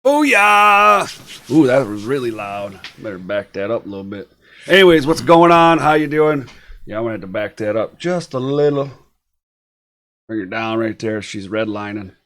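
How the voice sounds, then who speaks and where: A man's voice: fairly low pitch, normal speed. A man hosting a live online show, chatting casually and laughing easily with his guest. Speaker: host. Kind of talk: casual live-stream chat.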